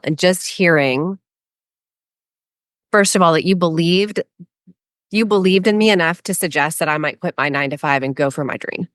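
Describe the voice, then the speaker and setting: A woman who is a transformational coach and a guest in an interview, telling her personal story in an animated, emotional way with frequent laughter. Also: lowish voice, moderate pace, pauses often, no room sound, studio quality.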